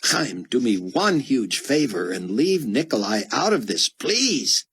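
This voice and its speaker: A man's voice: medium pitch, sing-song, slow pace, fairly bright tone, breathy edge, voice pushed up, full character voice. A man doing a harried young journalist. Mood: impatient. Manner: terse, impatient.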